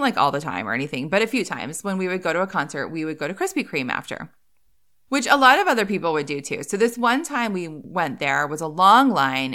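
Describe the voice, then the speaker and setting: Bright, lively woman podcast host. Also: fairly low pitch. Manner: chatty, laughs often, lots of "like" fillers. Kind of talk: casual storytelling monologue.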